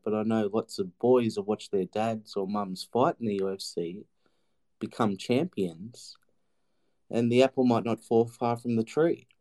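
A man's voice: on the low side, mellow. Friendly Australian man calling in. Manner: friendly, chatty, says mate a lot. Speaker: caller.

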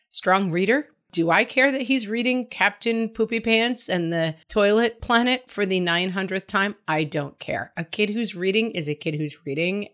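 A woman's voice: mid-range voice, fairly bright tone. A woman hosting a parenting advice show, answering a listener's question in frank, emphatic, chatty talk.

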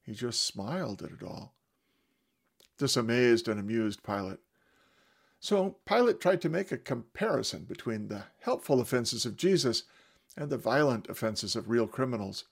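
A man's voice: medium pitch, vocal fry. A man giving a dramatic first-person retelling of scripture, with varied emphasis. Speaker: storyteller.

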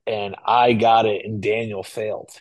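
A man's voice: fairly low pitch, a little slow, no echo, highs cut off. Casual joking podcast guy. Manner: animated storyteller, swears casually. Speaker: podcast co-host. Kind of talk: casual chat.

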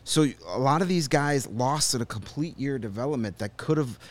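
A man's voice: medium pitch, expressive, moderate pace. A man co-hosting a sports podcast, giving opinions and joking in casual chat. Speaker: podcast co-host. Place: studio.

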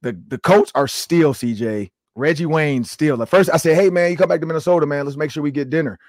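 A man in his forties hosting a sports podcast, telling stories in a casual, animated way with lots of "like". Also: a little high, fairly quick, dry recording, clean studio sound. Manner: animated storytelling with many "like"s. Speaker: show host and former coach.

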